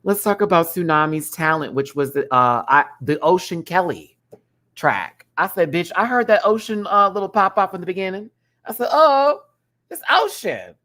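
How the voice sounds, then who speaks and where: A man hosting a live review stream, chatting casually with viewers in an animated, expressive way, laughing often. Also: sits high, moderate pace.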